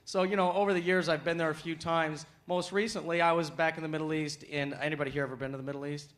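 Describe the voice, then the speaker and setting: A man from the United States performing a stand-up comedy set, with punchy delivery that climbs to shouts on punchlines, recorded live on a handheld mic. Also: a little high, steady tone, fast talker. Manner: punchy, acts out voices and rises to shouting on punchlines. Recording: live club, loud crowd and laughter.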